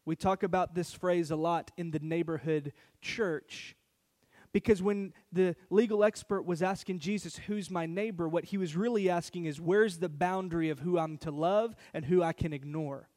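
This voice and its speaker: Male pastor, high voice, animated conversational sermon storytelling. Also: moderate pace.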